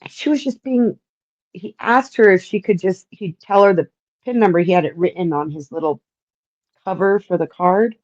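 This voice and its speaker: A woman in casual chat telling an indignant, unhurried story. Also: mid-range voice, darkish tone. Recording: dull, lo-fi sound.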